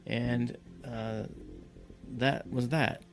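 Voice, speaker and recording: A man tells a personal story with a gravelly edge in his voice. He slows down and restarts often, and his pitch jumps up whenever he acts out someone's lines. The telling is dramatic and personal. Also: steady tone. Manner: acts out voices in quotes, halting with fillers.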